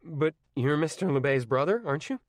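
A man's voice: fairly high pitch, brisk, no room sound, studio quality, pitched above the performer's own voice, natural voice. A man voicing an earnest, polite teenage boy who pleads eagerly, in a storybook reading.

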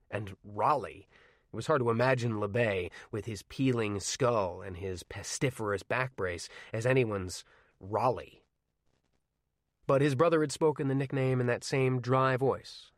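A man narrating a novel in first person with measured, wry storytelling. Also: fairly low pitch, no room sound, clean studio sound. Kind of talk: audiobook narration.

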